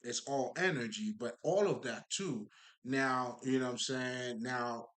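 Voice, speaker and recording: A man's voice: medium pitch, a little slow, a bit bright. A man giving a casual spiritual monologue, emphatic and profane, rambling with many fillers and asides to his listeners. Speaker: spiritual talker.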